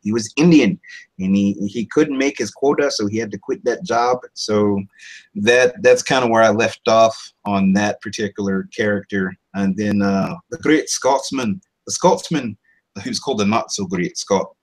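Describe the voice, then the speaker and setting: A man's voice: on the low side, moderate pace, rough recording. A man who works as a voice-over artist and actor, talking casually in an interview about his characters. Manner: animated, slips into character voices.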